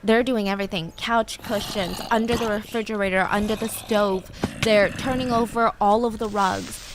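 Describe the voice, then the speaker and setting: A woman's voice: medium pitch, fairly even intonation, moderate pace, noisy background. A woman narrating a true story in a casual, chatty way, with filler words and personal asides.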